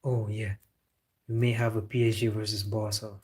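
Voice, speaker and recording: A man's voice: fairly low pitch, flat delivery, moderate pace, darkish tone, slightly rough. A man hosting a live football reaction stream, chatting casually and answering viewers with strong opinions. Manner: opinionated, replying to chat.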